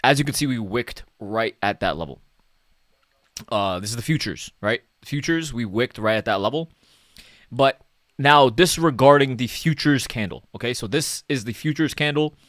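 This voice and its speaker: Man, mid-range pitch, casual chart commentary, chatty, self-mocking, dry sound. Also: expressive, normal speed, fairly bright tone, dry recording. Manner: chatty, self-mocking, repeats "okay" and "right". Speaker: stock market analyst.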